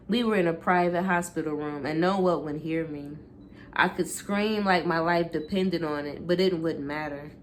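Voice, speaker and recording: A woman's voice: deep voice, moderate pace, slight background noise. A woman reading a memoir aloud in a casual way, stopping now and then to correct herself and reread.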